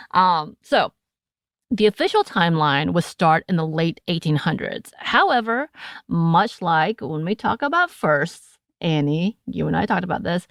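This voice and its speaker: A woman's voice: fairly low pitch, smooth, no echo, studio quality. An American woman co-hosting a podcast, chatting casually with playful asides and frequent laughter. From United States. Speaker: podcast co-host.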